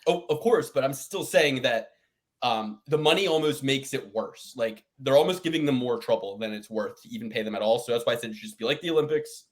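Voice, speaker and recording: A man's voice: medium pitch, animated, brisk. Guy on a podcast rambling and cursing, going off on rants, casual chat. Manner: rambling, swearing, conspiratorial rants. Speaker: podcast co-host.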